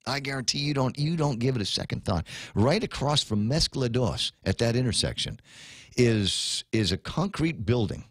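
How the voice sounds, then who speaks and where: A man hosting a talk radio show, ranting in a casual, animated way and restarting his sentences often. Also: medium pitch, normal speed, husky, dry recording.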